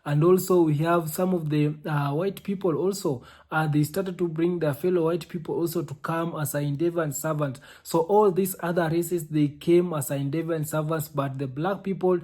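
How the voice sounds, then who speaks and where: A male host talks through a reaction commentary in a slightly high voice. He explains carefully and circles back, repeating his points. He pauses often to find the next word. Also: steady tone, a little mellow. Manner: explanatory, repeats phrases, frequent hesitations.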